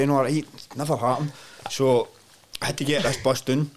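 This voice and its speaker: A man's voice: medium pitch, brisk. A Scottish man, a podcast guest, telling stories in casual chat and laughing often. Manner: animated storyteller, laughs often.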